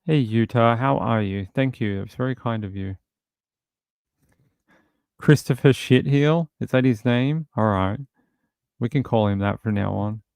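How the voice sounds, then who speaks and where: Blunt Australian man with a smooth voice. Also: medium pitch, measured pace, pauses often, a little mellow, no room sound, studio quality. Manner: blunt, indignant, reads out viewer comments. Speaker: livestream host. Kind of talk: casual true-crime livestream chat.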